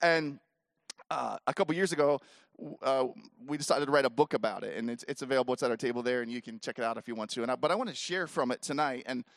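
A man in his forties telling a story to a live audience at an event, animated and acting out the voices of the people in it. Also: medium pitch, quick pace, gravelly, no room sound, studio quality. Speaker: speaker at a youth leader event.

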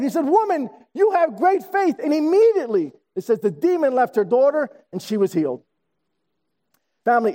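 A man preaching a sermon as pastor, building emphasis with dramatic pauses. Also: sits high, mellow. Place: church sanctuary. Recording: long reverb in a hall.

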